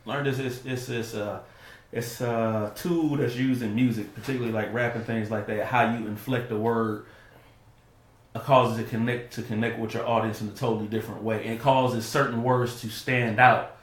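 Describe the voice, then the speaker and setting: A man's voice: medium pitch, fairly even intonation, moderate pace. A man co-hosting a casual advice talk with his wife, earnest, often restarting his sentences. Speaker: co-host, husband. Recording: echoey room.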